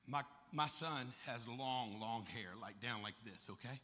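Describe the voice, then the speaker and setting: A middle-aged man preaching a fervent sermon as pastor, rising to shouts at his high points. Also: steady tone, normal speed, few pauses. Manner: impassioned preaching, shouting at climaxes. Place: large church. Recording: echoey church hall.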